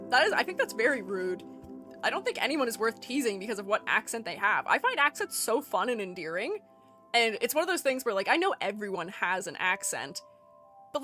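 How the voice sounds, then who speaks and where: A woman's voice: on the high side, pushed and bright. A young woman with a mixed Rust Belt American accent, streaming a game and chatting casually with her viewers, giggling often as she reads their messages. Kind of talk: casual chat while gaming.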